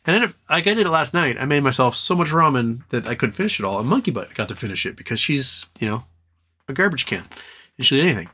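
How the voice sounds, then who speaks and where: A man's voice: very animated, fast talker, pushed and bright, husky. A man hosting a casual live stream, rambling and joking while reading chat and talking to his dog. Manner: rambling, jokey, talks to his dog in a high baby voice. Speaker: livestream host.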